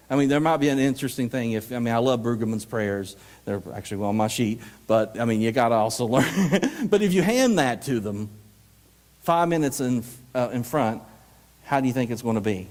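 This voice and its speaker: A man giving a lively, joking workshop talk at a conference, acting out readings in mock voices. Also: medium pitch, normal speed. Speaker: workshop presenter. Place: conference hall. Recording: live hall with long reverb.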